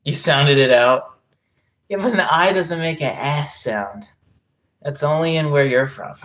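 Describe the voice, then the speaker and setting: Casual livestreamer, mid-pitched voice, talks in fits and restarts, reacts to chat. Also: measured pace, fairly bright tone. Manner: rambling, self-interrupting, reacting to chat messages; swearing freely.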